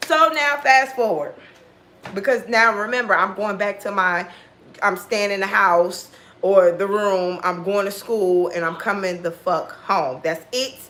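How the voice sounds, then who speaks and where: A woman with a mid-range, fairly bright voice unhurriedly tells a personal story in a casual monologue, over a little hiss or hum. She's blunt and heavily profane, voicing the dialogue of people in the story.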